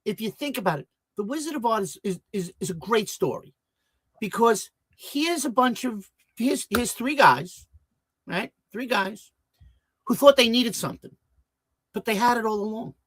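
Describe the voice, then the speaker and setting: A man's voice: high voice, lively intonation, moderate pace, fairly bright tone, no room sound. A man hosting a talk show interview, chatty and storytelling, often restarting his sentences.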